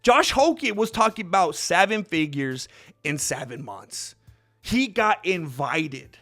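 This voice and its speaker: An excitable young man delivers a casual commentary monologue, breaking into laughter and acting out other people's lines. His voice sits high for a man and sounds bright and forward. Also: slow, soft background music. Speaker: MMA commentary host.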